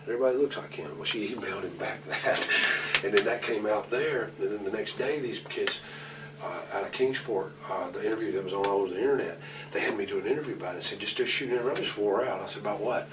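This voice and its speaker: A man's voice: lowish voice, fast talker. Blunt, profane man recorded from afar. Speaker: pro wrestler interview guest. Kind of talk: shoot interview storytelling. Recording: distant mic, noisy room ambience.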